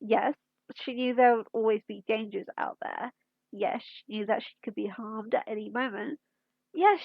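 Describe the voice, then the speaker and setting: A woman reading a fan story aloud in an unhurried storytelling manner, with occasional slips. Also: a little high, no room sound, narrow, tinny audio. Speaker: fanfiction reader.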